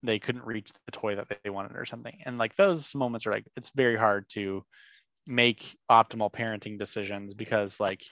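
A man's voice: fairly low pitch, fairly even intonation, moderate pace, fairly bright tone, no echo, muffled recording. A man co-hosting a podcast, speaking casually and thoughtfully, often saying "like". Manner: thoughtful, uses filler like. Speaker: podcast co-host. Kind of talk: casual conversational chat.

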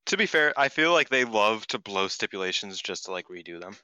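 Male podcast co-host, opinionated and swearing, smooth, crisp voice, dry close recording. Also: on the low side, sing-song, brisk, sharp tone, no echo. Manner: blunt, profane, opinionated. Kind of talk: casual chat.

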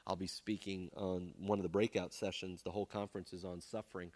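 A man's voice: deep voice, little pitch movement, fairly quick, darkish tone. A man preaching a sermon as pastor, emphatic and fond of rhetorical "right?" checks. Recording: long hall reverb.

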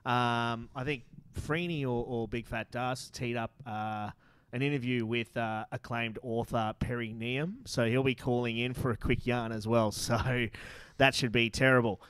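A man's voice: medium pitch, fairly even intonation, unhurried, fairly bright tone, clear, resonant tone. An Australian man hosting a rugby talk show, upbeat and teasing, laughing often. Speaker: host. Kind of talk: casual sports podcast chat.

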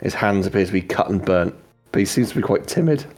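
A man runs a tabletop role-playing session in a relaxed, pausing voice set lower than most. He describes the scene slowly, and faint music plays behind him. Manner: relaxed, hesitant with fillers. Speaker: game master. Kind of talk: narrating a tabletop game.

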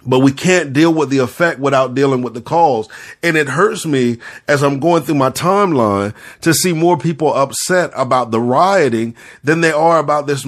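A man's voice: fairly high pitch, a bit bright. A man giving an impassioned, earnest spoken reflection to an audience, speaking directly to his listeners and repeating phrases for emphasis.

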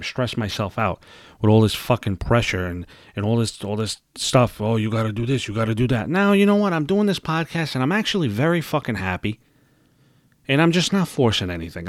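A man's voice: medium pitch, no echo, clean studio sound. A young man hosting his own podcast, venting in a casual, heated, profanity-laden rant. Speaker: podcast host.

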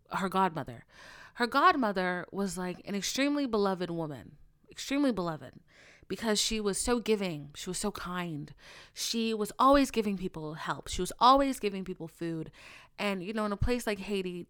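A woman hosting a podcast, talking in a casual, animated monologue with frequent swearing and self-mocking rants. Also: on the high side, smooth, no echo, clean studio sound. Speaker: podcast host.

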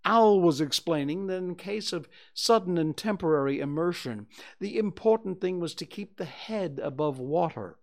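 Gravelly man reading a storybook. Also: fairly high pitch, lively intonation, moderate pace, a little mellow. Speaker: narrator.

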